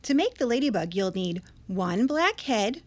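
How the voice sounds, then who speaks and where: A woman's voice: mid-range voice, big pitch swings, moderate pace. A woman children's librarian reading a story and explaining a craft patiently to young kids.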